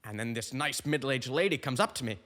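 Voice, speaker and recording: A young man hosts a comic podcast, wandering from story to story in a loose, rambling way. His voice sits at a middle pitch. A long hall reverb hangs on every line. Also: lively intonation, a little fast, fairly bright tone. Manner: rambling, tangent-prone storytelling. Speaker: comedian host.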